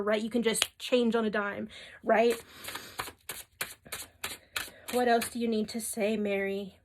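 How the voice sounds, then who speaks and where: A woman's voice: medium pitch, little pitch movement, fairly quick, noisy background. A young adult woman giving a spiritual tarot reading, earnest and emotional, who often checks in with "okay?" and fills with "like". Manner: soft, earnest and emotional, with frequent "okay?" and "like" asides. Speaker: tarot reader.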